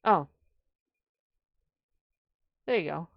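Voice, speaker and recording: A young woman streaming from home, chatting casually to her viewers and often trailing off into low mumbled asides. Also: lively intonation, extremely slow, gravelly, dry recording, highs cut off. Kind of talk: casual live-stream chat.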